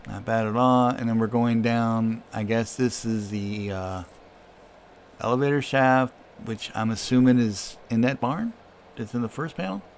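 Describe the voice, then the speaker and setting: A man with a mid-range voice talking through a comic page by page. His commentary is relaxed and critical, and he keeps pausing on uh and um as he judges panels and color choices. A faint hiss of noise sits under his voice. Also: medium pitch. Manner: offhand, critical, many fillers. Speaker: comic book reviewer. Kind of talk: casual read-through commentary.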